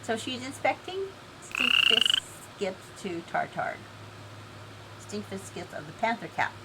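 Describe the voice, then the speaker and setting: A woman's voice: medium pitch, lively intonation, a little slow, heavy background noise. A woman live-streaming an online game event, chatty and giggly, reading game text aloud.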